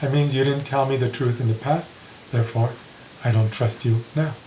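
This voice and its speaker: Male teacher, mid-pitched, unhurried, walks students through example sentences in a roomy space with light hiss. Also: fairly even intonation, warm tone. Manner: slow, deliberate, repeats example sentences. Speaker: English grammar teacher. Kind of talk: slow classroom grammar lesson. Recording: echoey room with faint hiss.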